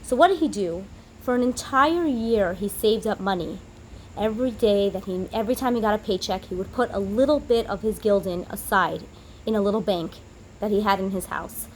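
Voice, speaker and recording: A woman teacher giving a holiday lesson to children, telling a story in an animated way and acting out the characters' lines. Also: medium pitch, moderate pace, slight background noise, rough recording.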